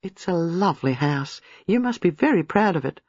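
A man reading a novel aloud, voicing a lively, inquisitive young woman in a raised tone. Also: on the high side, moderate pace, breathy edge, no room sound. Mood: eager. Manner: bright, eager, rising tone. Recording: slightly muffled, dry.

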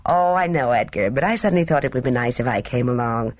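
A woman's voice: rumbling low, lively intonation, fast, no echo. A woman voicing a breezy, gushing young woman in a storybook reading.

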